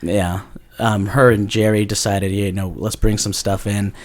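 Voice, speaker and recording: Easygoing man in lower pitch. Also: flat delivery, a little slow. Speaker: comedian guest. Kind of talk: casual podcast chat.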